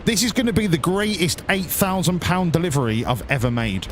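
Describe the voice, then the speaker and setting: A man gives casual, sarcastic commentary while he plays a driving game, and he swears freely. His voice is somewhat high and swings around a lot. A faint background noise sits under the recording. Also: lively intonation, a little fast, few pauses. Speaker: streamer.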